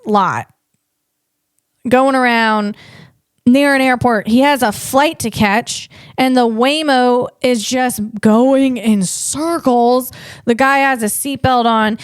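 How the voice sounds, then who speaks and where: High-voiced woman comedian on a podcast. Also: clear, resonant tone, no echo, clean studio sound. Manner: animated, stumbling over words, acts out voices. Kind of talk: comedic tech commentary.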